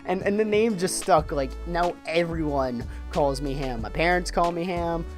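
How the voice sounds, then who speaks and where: A young man telling a story on his vlog, animated and profane, often repeating words as he gets excited. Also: on the high side, moderate pace, faint music behind. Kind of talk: casual storytime monologue.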